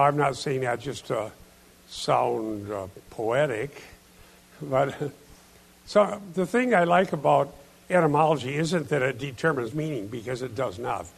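A male pastor preaches from the pulpit at an unhurried, deliberate pace. His voice is raised a little in pitch and carries a gravelly rasp. He leans on key phrases for emphasis as he works through the text. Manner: emphatic, explains Greek word order and scripture. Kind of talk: expository sermon.

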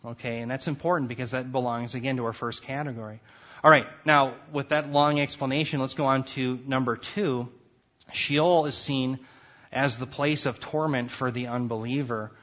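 A man's voice: medium pitch, fairly even intonation, moderate pace, a bit bright. Emphatic male Bible lecturer, lo-fi. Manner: emphatic, reads scripture aloud with rising force. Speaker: Bible teacher. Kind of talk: classroom lecture on scripture.

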